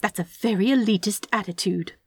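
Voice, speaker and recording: A woman's voice: mid-range voice, brisk, darkish tone, slightly rough, dry recording. A woman reading aloud and voicing a fussy, doting male angel who tuts primly and stays unbothered. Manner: prim, tutting, affectionate.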